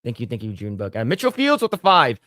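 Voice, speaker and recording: A man hosting a casual podcast chat at a mid pitch. He rambles through thoughts with frequent fillers and restarts, and the sound is dry and close. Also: wildly swooping pitch, quick pace, bright, forceful tone, no echo. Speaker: podcast host.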